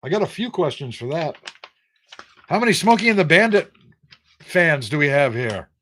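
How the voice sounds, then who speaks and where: A man's voice: a little high, sing-song, normal speed, fairly bright tone, slight background noise. An older American man hosting a live trivia stream, casually teasing viewers and reading out their answers with sarcastic banter. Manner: teasing, sarcastic, reads viewer names aloud. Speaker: livestream trivia host.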